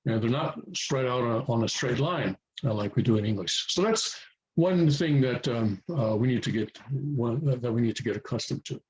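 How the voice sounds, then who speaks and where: A man's voice: mid-range voice, moderate pace, rough recording. A man teaching a language lesson to viewers in a casual, hesitant way, with many fillers and restarts.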